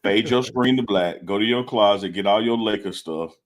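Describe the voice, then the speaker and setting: A man's voice: fairly low pitch, moderate pace. A man co-hosting a live sports talk stream, teasing his partner and repeating his points for emphasis. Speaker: co-host. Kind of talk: casual sports debate. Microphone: live stream setup.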